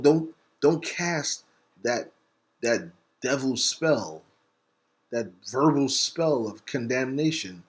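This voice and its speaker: A man hosting a talk segment, delivering a fiery, preacher-like monologue. He spells words out letter by letter and swings between rapid bursts and slow, stressed words. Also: mid-range voice. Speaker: host. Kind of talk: impassioned monologue.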